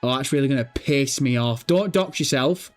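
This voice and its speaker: A man hosting a gaming livestream, chatting casually with viewers, sweary and jokey, mocking and animated. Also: mid-range voice, moderate pace, faint music behind. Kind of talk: casual livestream chat reading viewer comments.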